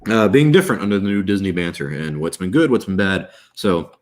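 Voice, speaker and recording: Deep-voiced young Southern man, casual. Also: sing-song, fairly quick, darkish tone. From American South. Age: 20s. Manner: laid-back, rambling, swears casually. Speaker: YouTube channel host. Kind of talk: casual livestream chat.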